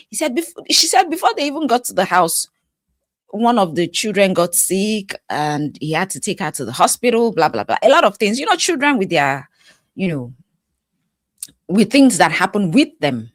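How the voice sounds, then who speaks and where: A woman's voice: medium pitch, big pitch swings, moderate pace, no room sound, clean studio sound. A woman with a Nigerian accent, host and life coach, giving chatty reaction commentary and often laughing as she talks.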